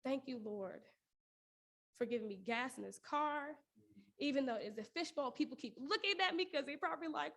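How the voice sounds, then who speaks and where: A woman's voice: sits high, lively intonation, moderate pace, gravelly, a bit bright. A woman performing a spoken word piece as a prayer monologue, earnest and pleading, with laughs breaking through. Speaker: poetry performer.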